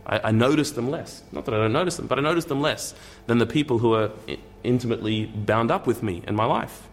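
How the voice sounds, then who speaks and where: A man's voice: medium pitch, fast, slight background noise. A man giving a conversational lecture, thinking aloud with repeated words and restarts and tossing in wry asides.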